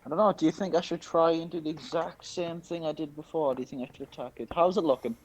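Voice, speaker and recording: A man's voice: on the high side, fairly even intonation, fast, low-quality recording. A man playing in a tabletop game, casual and unsure, often asking about the rules. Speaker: player.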